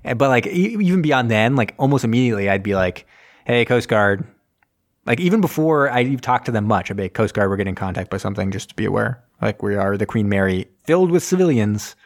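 A man in casual chat, recapping a film plot and acting out the characters' lines in quick voices. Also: on the low side, very animated. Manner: rambling, acts out scenes in quick voices. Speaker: podcast host recapping a film.

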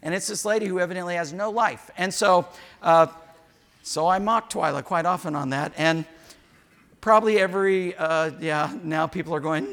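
A man's voice: high-pitched, normal speed, a bit bright. A man preaching a sermon in church as pastor, candid and frank, with joking asides and quoted dialogue.

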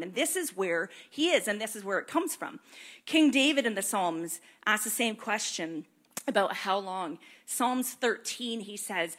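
A woman's voice: mid-range voice, animated, moderate pace, a bit bright. A woman preaching a sermon in a casual, earnest way, reading scripture aloud and talking it through with many fillers.

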